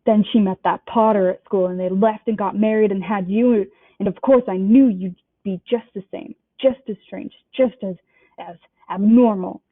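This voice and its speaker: A woman reading a storybook aloud and voicing a shrill, resentful middle-aged aunt who rants in a shrieking voice. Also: fairly even intonation, moderate pace, dry recording, close to an everyday voice. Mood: shrill, ranting. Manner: shrieking, ranting in a high pitch. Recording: dry, tinny phone-like sound.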